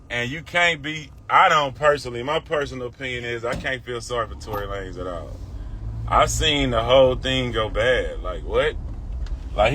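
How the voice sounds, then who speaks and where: A man's voice: fairly high pitch, pushed and bright. A middle-aged man with a Houston accent ranting bluntly and profanely on a phone livestream. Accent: Southern US, Houston. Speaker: livestream host. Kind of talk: casual livestream rant. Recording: faint background noise.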